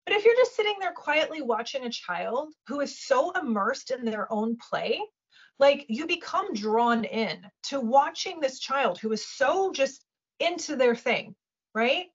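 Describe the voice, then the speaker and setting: A woman talks in a high voice with a touch of huskiness and coaches webinar listeners in a casual, lively way. She acts out little voices and keeps asking "right?". The audio is dull and lo-fi. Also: a little slow, husky. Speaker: webinar guest speaker.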